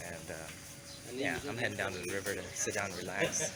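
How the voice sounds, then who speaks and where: A man's voice: deep voice, brisk, a loud crowd. A man with a cold, talking casually and rambling a bit as he walks outdoors to vlog. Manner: rambling, conversational, self-correcting. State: has a cold. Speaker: vlogger and community founder. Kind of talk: casual walking vlog talk. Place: outdoors walking through town to a river. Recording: clear outdoor street noise.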